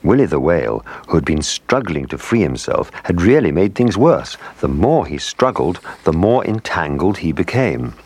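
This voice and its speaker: Deep deep voice guy reading a kids story, lots of ups and downs. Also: moderate pace, few pauses, breathy edge. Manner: expressive storytelling. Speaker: narrator.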